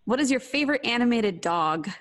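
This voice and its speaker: A woman hosting a podcast interview, asking brisk quiz-style questions and laughing often. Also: on the high side, animated. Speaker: podcast host. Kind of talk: casual interview.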